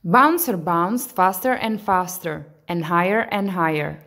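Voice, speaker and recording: A woman narrating a bedtime story in a gentle, expressive read-aloud manner. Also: lowish voice, a little slow, hardly any pauses.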